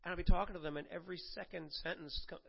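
A middle-aged man preaching a sermon to his congregation, swinging from quiet asides to loud emphatic bursts and joking with the room. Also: sits high, steady tone, fast talker, creaky, breathy edge, dull audio. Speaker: pastor.

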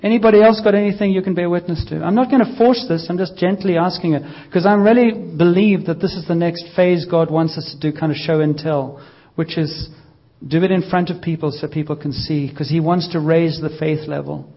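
A man leading a casual church healing session, gently coaxing and joking with the congregation. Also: a little high, fairly even intonation, brisk, few pauses, muffled recording. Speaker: pastor leading healing prayer.

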